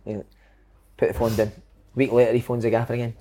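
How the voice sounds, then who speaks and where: A man's voice: mid-range voice, steady tone, fast, a little mellow. A Scottish man, a former footballer hosting a casual chat, joking and steering the questions. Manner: jokey, leads questions, laughs often. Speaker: podcast host, former footballer.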